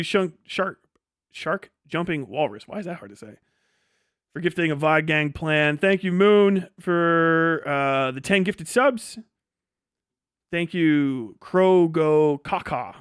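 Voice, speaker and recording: A man's voice: on the high side, fairly bright tone, smooth, no echo, clean studio sound. A young man hosting a livestream, ranting mockingly with frequent laughter and swearing, then reading out donations. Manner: mocking, laughing often, profane. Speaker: livestream host. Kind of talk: casual livestream rant.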